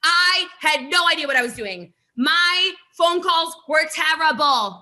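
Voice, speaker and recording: A woman giving an animated, emphatic motivational talk on a video call as a network marketing recruiter, with laughing asides. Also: sits high, normal speed, hardly any pauses.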